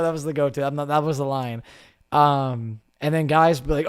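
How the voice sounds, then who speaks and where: A man's voice: medium pitch, fairly even intonation, moderate pace, clear, resonant tone. A young man guesting on a podcast, telling stories in casual chat, swearing a lot and acting out quotes in different voices.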